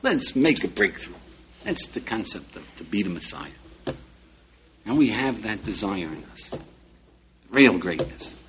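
A man's voice: fairly low pitch, very animated, unhurried, long pauses, fairly bright tone, lo-fi sound, a little hiss or hum. A man, a rabbi, lecturing an audience with emphasis and frequent rhetorical questions. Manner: emphatic, peppers talk with rhetorical questions to listeners.

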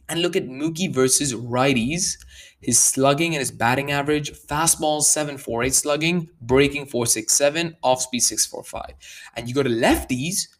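A man talking through baseball stats in a casual commentary. He gets animated and worked up, leaning hard on the numbers. His pace runs in fast and slow bursts, and he often restarts his sentences. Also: a little high. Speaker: baseball analyst.

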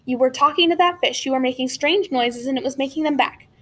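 A woman's voice: high voice, brisk, fairly bright tone, slight background noise. A woman reading a stubborn, curious young boy. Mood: insistent. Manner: urgent, insistent whispering. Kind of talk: audiobook character voice.

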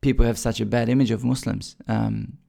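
A man's voice: medium pitch, level tone, a little fast, gravelly, dark tone. A man from Bosnia, telling his career story as a recruiter in a chatty way with many fillers and restarts. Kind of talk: casual storytelling.

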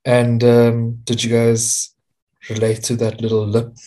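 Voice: medium pitch, completely flat delivery, measured pace, dark tone. A podcast co-host in gossipy casual chat, laughing often.

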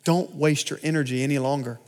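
A man preaches in a church, telling his own story. His delivery swings from loud, driving phrases to hushed, almost whispered asides. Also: a little high, fairly even intonation, brisk. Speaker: pastor. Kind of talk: sermon testimony.

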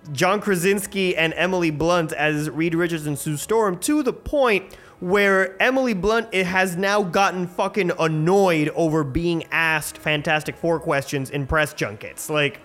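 A man hosting his own show, rambling excitedly and swearing freely through a casual movie review. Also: a little high. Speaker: host.

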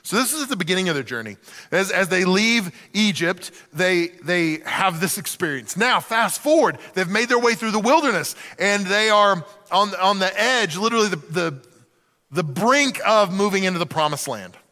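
Animated high-voiced male preacher. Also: moderate pace, in a large hall. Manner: animated, acts out quoted voices. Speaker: pastor. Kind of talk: sermon.

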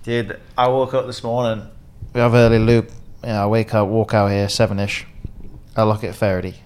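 A man's voice: on the low side, little pitch movement, a little fast, darkish tone, clean tone. A man co-hosting a podcast, telling stories in loose, slangy casual chat with some swearing. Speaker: podcast co-host.

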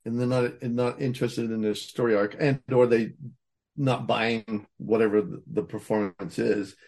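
A man's voice: medium pitch, flat delivery, normal speed, darkish tone. Man rambling about acting, laughing often. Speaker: voice actor guest. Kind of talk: casual interview chat.

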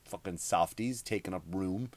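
A man's voice: low-pitched, moderate pace, darkish tone. Crude rambling Irish man ranting. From Ireland. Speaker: podcast host. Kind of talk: comedic rant.

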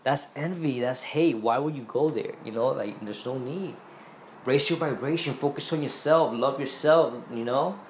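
A man talks through his spiritual views on a podcast, earnest and rambling, often restarting his sentences. His voice sits at an ordinary middle pitch. The room is echoey, with a faint hum behind him. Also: moderate pace. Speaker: podcast host. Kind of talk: casual spiritual monologue.

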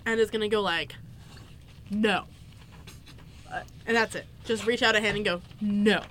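A woman playing a tabletop role-playing game, excitable and giggly. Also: medium pitch, fast talker, slight background noise. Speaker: player. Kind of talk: casual tabletop chat.

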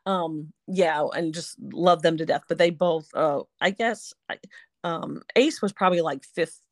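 A woman's voice: low-pitched, unhurried, no echo, clean studio sound. A woman in her fifties, a podcast guest, chatting casually with restarts and easy laughter. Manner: rambling, self-correcting, laughs easily. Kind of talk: casual interview chat.

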